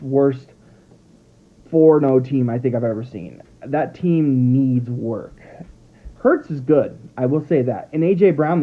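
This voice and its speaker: Rambling man with tinny phone-like sound. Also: medium pitch. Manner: rambling, animated, trips over words. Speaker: sports vlogger. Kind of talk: casual football commentary. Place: at home with his dogs.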